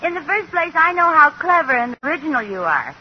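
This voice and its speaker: Playful teasing wife, high voice, old radio sound. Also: female voice, sing-song, brisk. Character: teasing, knowing young wife. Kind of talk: 1940s radio sitcom acting. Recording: dull, faintly hissy old radio recording.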